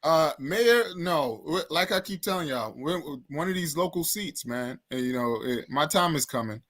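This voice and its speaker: A man's voice: a little high, expressive, moderate pace, fairly bright tone, no room sound, studio quality. A man, a guest, talking in an earnest, reflective way during a casual discussion. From New York, Trinidadian parents. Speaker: guest, local politician.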